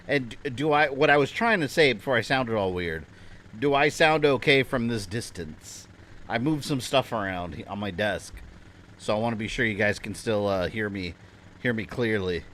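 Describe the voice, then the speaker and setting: A game streamer at his home desk chats casually while livestreaming, rambling and joking at his own expense. His voice is lowish and expressive, with a fairly bright tone and a normal speed.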